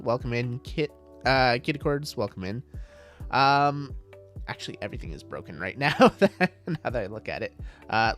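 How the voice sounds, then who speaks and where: A man's voice: mid-range voice, a bit bright. A man streaming a game live, chatting casually and greeting viewers, with many fillers. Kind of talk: casual livestream chat.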